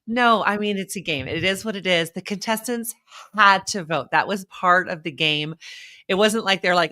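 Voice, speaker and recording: Bright, chatty woman hosting a live chat. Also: on the low side. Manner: chatty, animated storytelling with quick asides. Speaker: vlog host and former race contestant.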